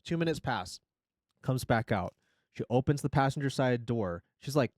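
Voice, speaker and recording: A young male streamer tells a comic story into a close mic. His pitch leaps up and down with dramatic emphasis, and he swears freely. The sound is dry and close. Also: animated, normal speed, a little mellow, no echo.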